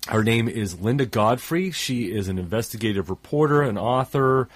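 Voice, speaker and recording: A man's voice: mid-range voice, animated, normal speed, no room sound. A man co-hosting a radio show in casual talk, stuffed up, rambling with many fillers and trailing off at phrase ends.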